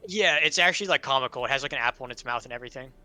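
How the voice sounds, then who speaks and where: A man narrating as game master of an online tabletop game, relaxed and hesitant with fillers. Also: medium pitch, racing, no echo, poor audio.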